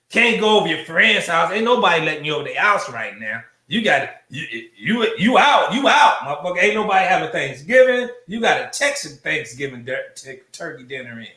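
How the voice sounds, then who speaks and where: Male host, fiery preachy monologue, high lively voice, roomy echo. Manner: preachy, profane, rhetorical questions and repetition. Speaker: show host.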